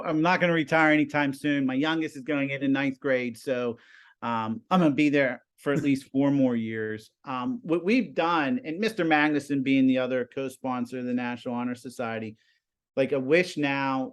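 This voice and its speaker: A man in his forties, a high school TV production teacher, chatting in an interview and telling animated stories with lots of "you know" and "like". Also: normal speed. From Pennsylvania, US. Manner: animated storyteller, many fillers. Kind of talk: casual interview chat.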